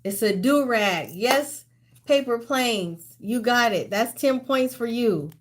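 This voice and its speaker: A woman hosting a casual live-stream trivia game, chatty and laughing, out of breath, reading each question slowly and stepping away from her mic at times. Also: fairly high pitch, animated. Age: older. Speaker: livestream trivia host.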